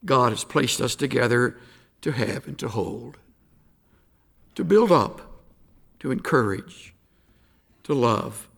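A man's voice: mid-range voice, animated, slow, creaky, pauses often, a bit bright. A man reading an earnest devotional message that turns into a pleading call to faith.

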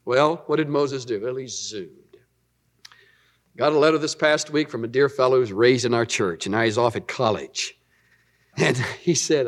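A middle-aged man preaching a conversational, animated sermon as pastor. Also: medium pitch, moderate pace.

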